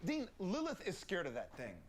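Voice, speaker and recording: An insistent young hunter in a TV drama, lively delivery, faint background hiss. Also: male voice, high-pitched, moderate pace. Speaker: TV drama character. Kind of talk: TV drama acting.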